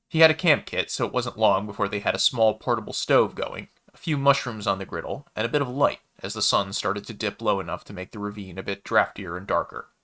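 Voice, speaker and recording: A man narrating a sci-fi story in a steady, measured reading voice. His voice sits low but with a bright, forward edge. The telling stays even and unhurried.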